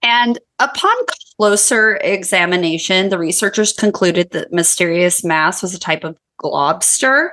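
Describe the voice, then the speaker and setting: Low-voiced woman co-hosting a podcast. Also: measured pace, hardly any pauses, bright, forceful tone. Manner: profane, laughing banter. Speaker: podcast co-host. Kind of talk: casual podcast chat with read-aloud research.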